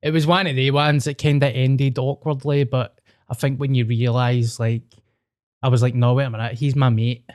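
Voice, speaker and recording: A man's voice: mid-range voice, level tone, moderate pace, a little mellow, no room sound, clean studio sound. A Scottish man hosting a podcast, chatting in a laid-back, sweary way. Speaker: podcast host and comedian. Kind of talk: casual chat.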